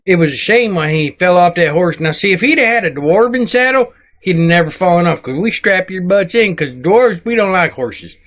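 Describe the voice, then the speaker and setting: In a comedic comment reading, a man voices a grumpy, crude dwarf sidekick who rambles, mocks and speaks in rustic grammar. His voice is high-pitched, animated and slightly bright, at a moderate pace.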